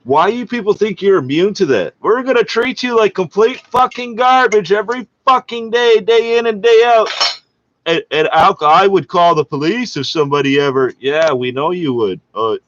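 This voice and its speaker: A man's voice: high-pitched, normal speed, fairly bright tone. A man from Canada, hosting a podcast, rants angrily and sarcastically at a local radio broadcast, swearing constantly and mocking what he hears. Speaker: podcast host reacting to radio. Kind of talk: angry profane rant. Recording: dull lo-fi recording.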